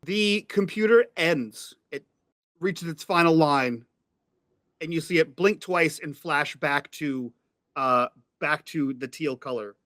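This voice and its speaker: Bright, dry-voiced male game master. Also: a little high, slow, dry recording. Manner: descriptive, hedging with fillers. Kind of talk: narrating a tabletop game.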